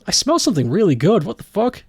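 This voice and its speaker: A man's voice: sits high, huge pitch swings, quick pace, slightly rough, no room sound. A man chatting casually on a live stream, joking around, laughing often and swearing freely.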